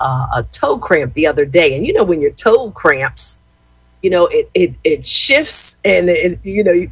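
A woman's voice: on the low side, slightly rough, no room sound, rough recording. A woman in her fifties telling a rambling family story to her viewers, chatty, with lots of fillers and "y'all". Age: 50s. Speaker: former gospel radio host.

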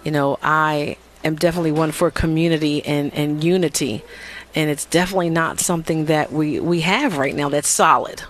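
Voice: mid-range voice, steady tone, brisk, a bit bright. A radio host talking live in a casual, chatty, upbeat way, full of fillers and repeats, from a studio at a theater.

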